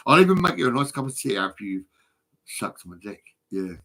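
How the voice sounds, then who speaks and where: A middle-aged man rambles into his phone, his voice husky and rough at the edges. He swears constantly and swings between low mutters and agitated outbursts. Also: sing-song, a little fast, bright, forceful tone. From England. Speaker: vlogger. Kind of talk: rambling monologue to camera.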